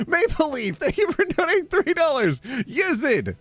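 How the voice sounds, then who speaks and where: A man's voice: very high voice, wildly swooping pitch, moderate pace, fairly bright tone, no echo, soft background music. A man hosting a charity livestream, rattling off donor names, stumbling over spellings and tossing in chatty asides. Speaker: livestream host reading out donors. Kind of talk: charity livestream, rapid name roll call.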